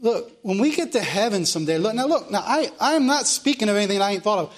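A man preaching a fervent sermon, repeating phrases and swinging between loud and quiet passages. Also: high-pitched, lively intonation, fast talker.

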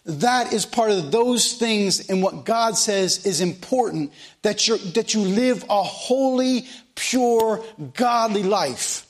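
A man's voice: high voice, slow pace, hardly any pauses. A man preaching a sermon, folksy and repeating phrases for emphasis.

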